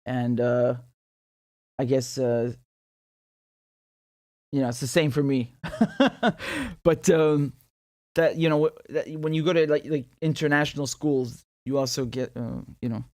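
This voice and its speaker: A man's voice: mid-range voice, measured pace, pauses often, a little mellow, no echo, studio quality. A man from Syria hosting a casual livestream of political commentary, chatty, with frequent laughs and lots of fillers and restarts.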